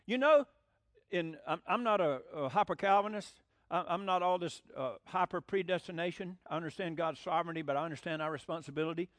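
A man's voice: fairly high pitch, fairly quick, fairly bright tone, no echo. A man preaching a folksy, emphatic sermon and acting out the voices he quotes. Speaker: pastor.

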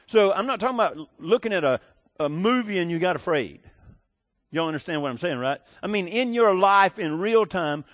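A man's voice: a little high, dry recording. A middle-aged man preaching a sermon in a folksy, rambling way, full of restarts and asides. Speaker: pastor.

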